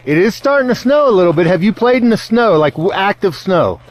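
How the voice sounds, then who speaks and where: A man in his fifties with a Pittsburgh accent, hosting a travel show outdoors in the snow and asking jokey, excited questions. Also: high voice, brisk. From Pittsburgh, USA. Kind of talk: enthusiastic on-location interviewing.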